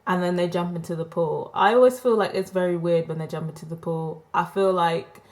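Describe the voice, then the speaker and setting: A woman's voice: on the low side, fairly even intonation, brisk, a little mellow. A woman giving casual, opinionated commentary as a vlogger reviewing a TV show, frank and sarcastic in a gossipy way, recorded on a desktop microphone. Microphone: desktop USB microphone.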